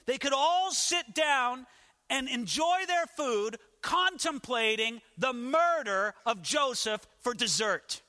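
Bright-voiced preacher with hall echo. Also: male voice, very high-pitched, lively intonation, slow pace. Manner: dramatic storytelling, rhetorical questions, shifting volume. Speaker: pastor. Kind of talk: sermon.

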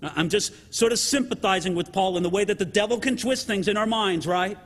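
Guy preaching a sermon, super high voice, animated, lots of "right?", long church echo. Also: brisk, few pauses. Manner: animated, keeps asking "right?". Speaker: pastor.

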